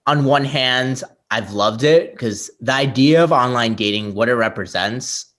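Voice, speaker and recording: Man, podcast guest, conversational, reflective, medium-pitched voice. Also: a little slow, a bit bright. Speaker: podcast guest, app founder. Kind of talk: interview answer.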